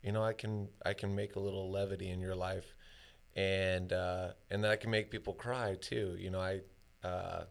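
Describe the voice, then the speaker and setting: A man talking in a casual conversation, halting and full of fillers as he shares personal stories. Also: deep voice, little pitch movement, creaky.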